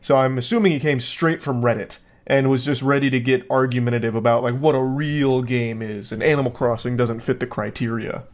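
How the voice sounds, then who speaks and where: A man at a mid pitch giving comedic reaction commentary. His delivery is sarcastic and deadpan, with dry mockery. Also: fairly quick, few pauses.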